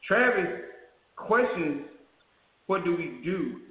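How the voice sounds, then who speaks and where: A man's voice: high voice, animated, unhurried. A man hosting a talk show, building his argument in a preacherly way with rhetorical questions. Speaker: host. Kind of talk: talk radio commentary. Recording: echoey tinny phone-line audio.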